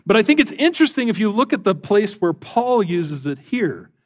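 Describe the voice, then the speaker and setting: Middle aged pastor guy, kinda high voice, storytelling sermon, punchy questions. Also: big pitch swings, normal speed. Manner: storytelling, voices quoted characters, builds to emphatic questions.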